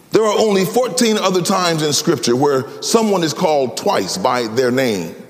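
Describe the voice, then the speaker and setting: Dramatic male preacher in a reverberant hall. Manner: dramatic, swinging between slow low emphasis and high, sing-song rises. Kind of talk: sermon.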